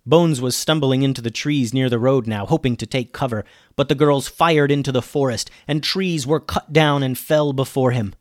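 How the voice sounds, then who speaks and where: A male podcast host reads a children's story aloud in a playful, animated way. His voice sits at a middle pitch, and the recording is dry and close. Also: dry recording. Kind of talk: storytelling narration.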